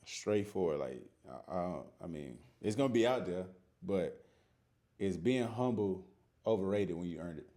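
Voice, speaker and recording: A man's voice: sits low, lively intonation, moderate pace, warm tone. A man hosting a podcast, asking questions in an easygoing way. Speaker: podcast host. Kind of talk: casual podcast chat.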